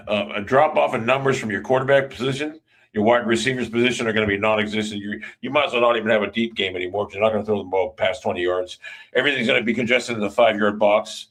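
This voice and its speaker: A man's voice: fairly low pitch, a bit bright, poor audio. A man ranting about football in a blunt, profane way, speaking straight to the fans and repeating his warnings. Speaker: football commentator. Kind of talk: casual sports rant.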